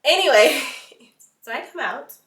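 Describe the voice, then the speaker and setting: A woman's voice: high voice, animated, a little slow, a bit bright, echoey room, distant mic, a little hiss or hum. A woman vlogger telling a dramatic storytime in casual chat, full of slang and playful asides.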